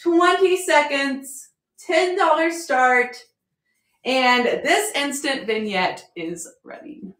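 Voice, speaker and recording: A woman selling at a live-stream auction, bubbly and excitable, often apologizing and thanking her viewers. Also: sits high, slow pace. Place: home room with a chalkboard. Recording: echoey room.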